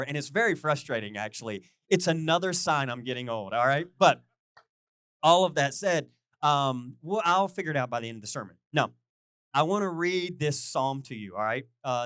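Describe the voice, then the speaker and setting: A middle-aged man preaching a casual, conversational sermon as a pastor, chatty and animated, often asking his listeners questions. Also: mid-range voice, smooth, dry recording, studio quality.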